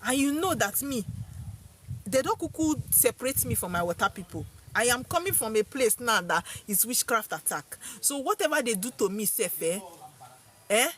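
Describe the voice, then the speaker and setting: A young Nigerian woman telling viewers a personal story in an expressive, dramatic way, her speech mixed with Pidgin. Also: a little high, normal speed, slight background noise. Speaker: vlogger.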